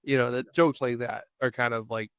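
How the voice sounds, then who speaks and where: Man, co-host, casual movie chat, smooth resonant voice, dry close sound, rambling restarts. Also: medium pitch, fairly even intonation, fairly quick, a bit bright, dry recording. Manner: rambling, with frequent restarts and fillers; laughs easily while recounting scenes. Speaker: podcast co-host.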